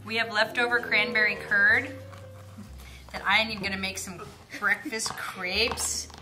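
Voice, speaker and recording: A woman's voice: mid-range voice, flat delivery, unhurried, music in the background, poor audio. A woman hosting a family baking vlog, chatting casually while she serves slices in her kitchen. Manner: chatty, narrating while serving. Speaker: vlog host baking pies. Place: home kitchen.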